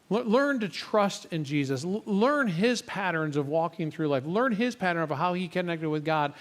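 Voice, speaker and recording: A man preaching a sermon as a church pastor, earnest, dropping his voice to a hush for the quiet lines. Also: sits high, lively intonation, moderate pace. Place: church sanctuary.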